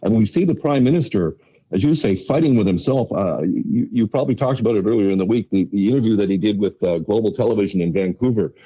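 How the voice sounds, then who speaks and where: A man commenting on politics on a panel, emphatic and quick, on a dull lo-fi remote line. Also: lowish voice, mellow. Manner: emphatic, rapid, mimics politicians.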